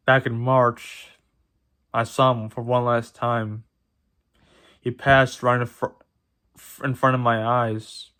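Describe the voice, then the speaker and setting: A man talking to his viewers in a personal vlog, emotional and close to tears, halting and repeating his words as he speaks. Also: medium pitch, fairly bright tone. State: tearful, emotional. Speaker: vlogger. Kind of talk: personal vlog talk to camera.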